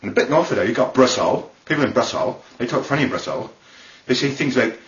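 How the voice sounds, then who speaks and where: A man's voice: mid-range voice, animated, fast, recorded from a distance. A man with a British accent giving a playful, mock-lecturing comic tour of accents, in a roomy, dull lo-fi recording. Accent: British English. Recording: roomy, dull lo-fi 2008 video.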